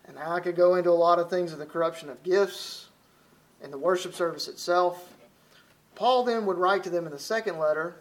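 High-voiced Southern preacher from Alabama. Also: male voice. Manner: folksy, conversational preaching with frequent restarts. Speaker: visiting preacher. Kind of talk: sermon.

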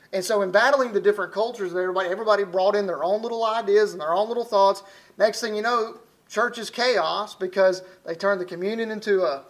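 A man with a Southern accent, from Alabama, preaches in a loose, folksy sermon voice. His voice sits fairly high for a man. He talks like a visiting preacher chatting with the congregation, often stopping to rephrase himself. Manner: folksy, conversational preaching with frequent restarts.

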